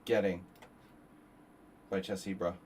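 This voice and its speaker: A man's voice: sits low, flat delivery, slow pace, a little mellow, slight background noise, low-quality recording. A man streaming a chess simul, thinking aloud through moves and bantering with chat in a wry, meandering way. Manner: muttering through move calculations, wry asides. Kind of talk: live chess commentary with chat.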